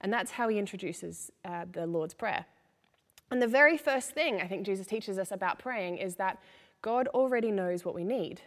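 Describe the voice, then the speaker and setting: A woman's voice: mid-range voice, animated, normal speed. A woman in her thirties from the church's children's team, giving a sermon in a storytelling manner with occasional laughs. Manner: warm storytelling with self-deprecating laughs. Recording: long reverb of a church hall.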